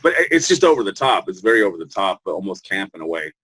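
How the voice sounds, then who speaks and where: A man's voice: low voice, sing-song, fast talker, a bit bright, slightly rough, no room sound. A man from Texas, a panelist in a casual review chat, hesitant and restarting his words as he thinks. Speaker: podcast panelist.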